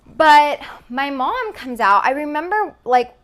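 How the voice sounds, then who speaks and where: A woman's voice: sits high, very animated, slow pace, fairly bright tone. Chatty young woman telling stories. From Texas. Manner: chatty, many "like" fillers, swears casually. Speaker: vlogger. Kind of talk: casual storytime. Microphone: phone camera.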